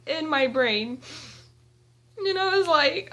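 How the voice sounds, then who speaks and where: A young woman vlogging at home, telling an excited story with giggles and gushing fangirl energy. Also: high voice, slow pace. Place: indoors at home.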